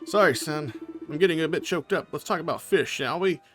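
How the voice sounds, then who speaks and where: A man's voice: a little high, a little fast, fairly bright tone. A man voicing a proud, cheerful middle-aged fisherman father in a video game, reading the dialogue in a folksy, boastful way. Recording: faint music behind.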